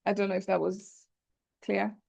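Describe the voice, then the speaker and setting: A woman's voice: mid-range voice, little pitch movement, normal speed, vocal fry, darkish tone, husky. A woman teaching Arabic grammar in an online class, thinking aloud and often checking that students follow. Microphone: video call.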